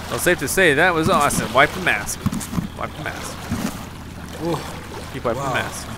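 A young man giving jokey let's play commentary, yelping and shouting at the game. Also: a little high, animated, unhurried, long pauses, loud music behind the voice. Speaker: gaming YouTuber.

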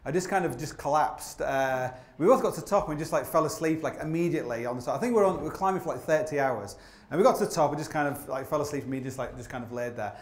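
A climber gives a live talk on an opera house stage, telling rambling, self-mocking stories at a quick pace in a voice a little high for a man. His speech is thick with "like" and restarts, caught by a stage microphone in a roomy, echoing hall.

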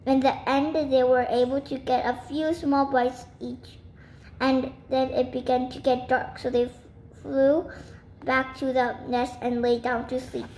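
Woman reader, children's storybook, high voice, echoey room with faint hiss. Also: level tone, a little slow, a little mellow. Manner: careful reading with small slips. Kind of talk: storybook read-aloud.

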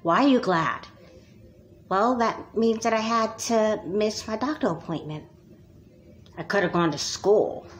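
A woman's voice: mid-range voice, unhurried, long pauses, a little hiss or hum, natural voice, poor audio. A woman voicing a persistent, pushy sister in a doll movie who keeps prying and insisting. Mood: cheeky.

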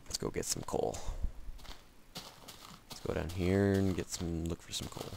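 A man's voice: sits low, very animated, normal speed, gravelly, pauses often, noisy background. A man giving casual, rambling commentary over a video game, joking at his own expense and chatting to the game itself. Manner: rambling, jokey, self-mocking; talks to himself and the game. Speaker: gameplay commentator. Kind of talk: casual let's-play commentary.

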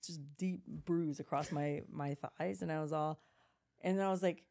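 A woman in her forties, co-hosting a podcast, tells a childhood story in a casual, animated way, laughing often and acting out what people said. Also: low voice, unhurried, vocal fry. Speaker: podcast co-host.

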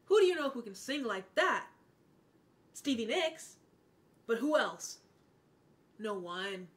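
A woman's voice: on the high side, slow. Gushing woman reacting to music. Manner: excitable, gushing, swears in bursts of excitement. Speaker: music reaction channel host. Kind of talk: casual music reaction commentary.

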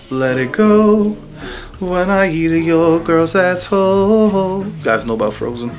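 A man reviewing colognes in a crude, taunting comedic rant, with a raspy, worn-out voice. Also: mid-range voice. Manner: profane, taunting, rhetorical "huh?"; raspy, losing his voice. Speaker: fragrance reviewer.

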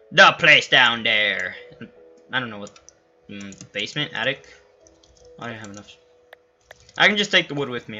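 A young man narrating his own game playthrough, chatting casually and flaring into excited shouts and swearing. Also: medium pitch. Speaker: gamer. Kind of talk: Let's Play commentary. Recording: lo-fi home recording.

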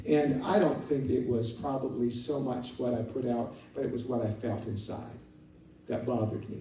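A man's voice: mid-range voice, moderate pace, warm tone. A male pastor preaching a conversational sermon, telling stories and calling out to his congregation. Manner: conversational, storytelling, rising to fervent prayer. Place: church sanctuary. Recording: echoey church hall from far off.

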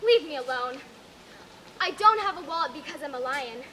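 Cowardly Lion, a woman playing him jittery and high. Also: expressive, normal speed, noisy background. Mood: panicky. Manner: jumpy, fretful, suspicious. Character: timid paranoid male lion, easily panicked. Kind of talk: improvised stage comedy scene. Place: theatre camp stage.

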